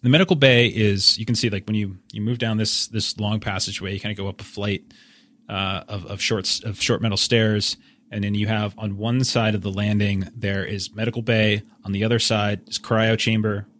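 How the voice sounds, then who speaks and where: A man narrating scenes as game master, describing them at length with frequent halting restarts. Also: on the low side, steady tone, a bit bright, slight background noise.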